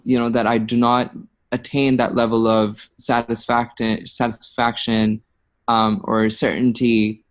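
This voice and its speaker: A man in a study group discussion, speaking slowly and reflectively, often pausing and restarting as he searches for words. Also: medium pitch.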